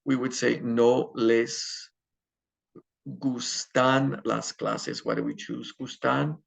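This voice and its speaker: A man's voice: medium pitch, animated, slow, creaky, husky, poor audio. A man teaching a Spanish grammar lesson, explaining step by step with fillers and self-corrections. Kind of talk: recorded classroom lecture.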